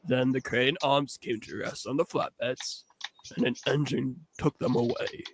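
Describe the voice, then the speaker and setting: A man's voice: mid-range voice, a little slow, background noise, close to an everyday voice. A man voicing a scheming old freight truck in a fan animation, telling its tale in a grim storytelling manner.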